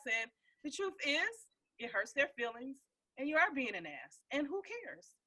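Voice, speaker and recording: Woman host, lively and forceful, animated pep-talk delivery on a group call. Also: high-pitched, unhurried. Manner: emphatic, encouraging, animated. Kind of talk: casual group call chat.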